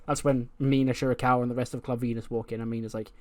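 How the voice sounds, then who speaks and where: Casual male game commentator, chatty, mid pitch. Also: little pitch movement, rapid-fire, few pauses, a little mellow. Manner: chatty, loose, laughs at own jokes. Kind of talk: casual playthrough commentary of a wrestling management game.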